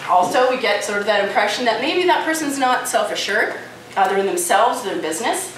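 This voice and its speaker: A woman presents to a conference audience in a chatty, animated way, her pitch swinging up and down as she talks. She sounds a little high and is heard from across a very echoey room. Steady background noise runs under her voice. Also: brisk. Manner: lively, conversational, frequent "right?" and "okay?" asides. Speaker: conference speaker. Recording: echoey, distant hall recording with noise.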